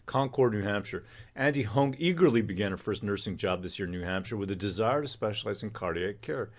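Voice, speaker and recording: Low male stream host, rambling joker, casual chat. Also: animated, brisk. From Canada. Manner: rambling, joking storyteller. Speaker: livestream host.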